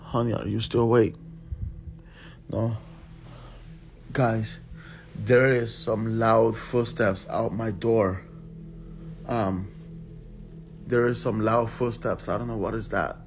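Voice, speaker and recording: A man filming himself on a phone at home at night, talking in a hushed, shaky voice and swearing under his breath. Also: lowish voice, steady tone, slow, pauses often. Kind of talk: scared handheld night vlog. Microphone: phone camera. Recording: noisy phone video recording.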